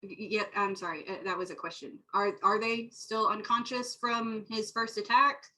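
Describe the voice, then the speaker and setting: A woman's voice: medium pitch, fairly even intonation, moderate pace, bright, forceful tone, poor audio. A woman player in a tabletop roleplaying game, talking casually and correcting herself as she goes. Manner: rambling, self-correcting. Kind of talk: casual tabletop play chat.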